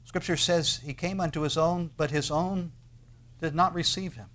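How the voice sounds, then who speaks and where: Earnest preaching man with dramatic pauses. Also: on the high side, fairly even intonation, a bit bright. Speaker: pastor. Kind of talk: sermon.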